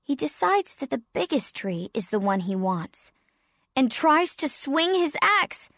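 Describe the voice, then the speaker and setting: A woman narrates a storybook for English learners in a clear, deliberate reading. Her voice is fairly high and moves with lively pitch at a very slow pace. The sound is close and dry. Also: no echo.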